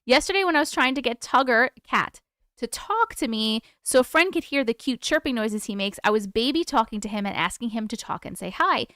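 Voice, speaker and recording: Picture a woman streamer at her desk at home, chatting away and swearing without a second thought. Her voice sits a touch high and comes through smooth and clear. The sound is close and dry. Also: a little fast, dry recording. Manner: chatty, swears freely, excitable. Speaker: host of a live stream. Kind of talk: casual live-stream chat.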